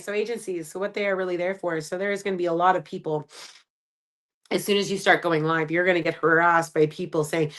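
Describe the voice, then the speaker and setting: Casual woman, 30s, low voice, candid advice-giving podcast host, talks freely with fillers. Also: fairly even intonation, fast. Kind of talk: casual solo podcast monologue.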